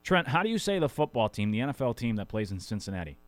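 A man hosting a sports radio show talks quickly and casually, rambling a little and poking fun at himself. He is from Connecticut. His voice is dry and close, with no room sound around it. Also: medium pitch, sing-song, no room sound. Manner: rambling, self-deprecating, conversational.

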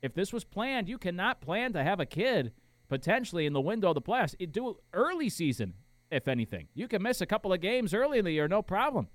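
Male sports talk host, riffs on call-in clips, highly expressive, slightly high voice, dry close mic. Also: a little fast, dry recording. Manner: animated, incredulous, rambling. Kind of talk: casual sports commentary.

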